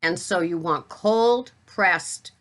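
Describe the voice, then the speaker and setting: Low-voiced chatty Boston woman. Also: slow pace. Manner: chatty, blunt, teasing. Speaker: keto vlogger. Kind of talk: casual product talk to camera.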